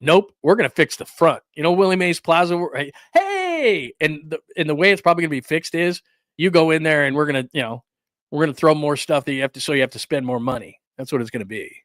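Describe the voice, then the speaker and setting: Ranting on his solo sports livestream, a man with a slightly high, a bit bright voice throws in quick asides and laughter and breaks off to greet people in the chat, reading and answering their messages. The recording is close and dry with no room echo.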